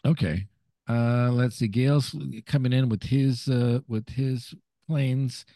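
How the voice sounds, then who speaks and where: Man, podcast co-host, casual recap, halting and searching for words, relaxed dark tone, dry sound. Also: medium pitch, no room sound. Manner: recounts scenes step by step, halting and searching for words. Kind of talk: casual episode recap chat.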